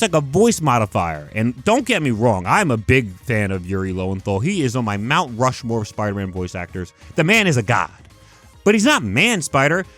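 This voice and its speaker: A man's voice: on the high side, fairly bright tone. A young man hosting a casual video-game review, emphatic and swearing freely. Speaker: gaming video host.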